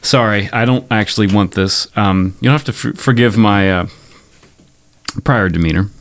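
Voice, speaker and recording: A man's voice: on the low side, moderate pace, slight background noise, natural voice. A man voicing a strange, formal adventurer who speaks in stilted, hesitant, overly polite phrasing. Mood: stiff polite. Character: odd formal creature adventurer, polite and wordy.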